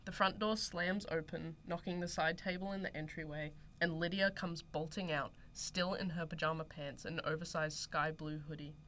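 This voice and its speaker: A woman's voice: sits low, fairly even intonation, moderate pace, few pauses, a bit bright, a little hiss or hum. A young Australian woman hosting student radio, chatting casually and reading a story aloud. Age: young adult. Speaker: radio host.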